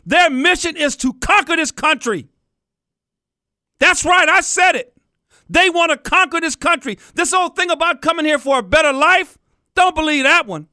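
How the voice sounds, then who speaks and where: A man's voice: extremely high pitch, bright, forceful tone, no room sound, studio quality. A man hosting a talk radio show, ranting angrily and calling out to his listeners as folks. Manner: angry, fired-up ranting, addresses listeners as folks. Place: radio studio.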